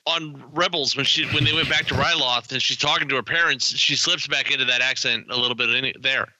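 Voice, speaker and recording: A man's voice: mid-range voice, a little fast, pushed and bright, no echo, rough recording. A man co-hosting a podcast, chatting casually and explaining things. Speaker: podcast co-host. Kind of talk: casual chat.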